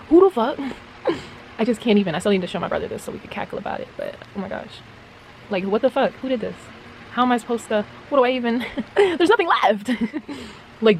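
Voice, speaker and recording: With a mid-range voice and slight background hiss or hum, a young doll restoration vlogger talks casually to camera about restoring dolls. Her style is rambling and slangy, punctuated by frequent laughter.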